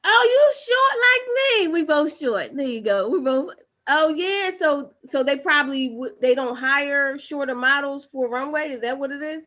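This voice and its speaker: A woman with a high voice hosts a casual live-streamed interview over a video call. She chats freely, restarts her sentences and reads viewer comments aloud. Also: animated, normal speed, bright, forceful tone. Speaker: host of a live-streamed talk show.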